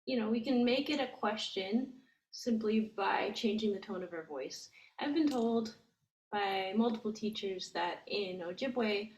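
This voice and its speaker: A woman teaching a language lesson, explaining gently and step by step with frequent ums. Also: mid-range voice, measured pace, roomy sound, slight background noise, poor audio. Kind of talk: slow, patient language lesson.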